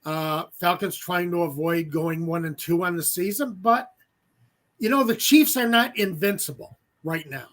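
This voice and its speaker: A man's voice: sits high, normal speed, fairly bright tone. A man co-hosting a casual sports podcast, chatty and loose, with lots of fillers and little jokes.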